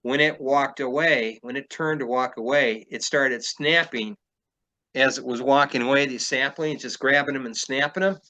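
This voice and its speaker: A man's voice: mid-range voice, moderate pace, pushed and bright, rough recording. A man, a field researcher, telling a story in casual conversation, rambling with many fillers and restarts.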